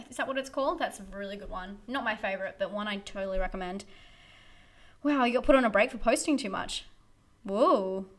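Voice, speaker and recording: Bright chatty woman streaming. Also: mid-range voice. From Australia. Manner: chatty, giggly, rambling with fillers and restarts. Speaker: horror film YouTuber hosting a live stream. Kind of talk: casual live-stream Q&A.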